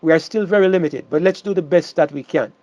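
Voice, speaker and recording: A man delivers a sermon in a high voice, stressing key words and circling back over his phrases. The sound is dry and a little muffled. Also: fast talker, dark tone, dry recording. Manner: emphatic, repeats words and restarts phrases. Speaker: preacher.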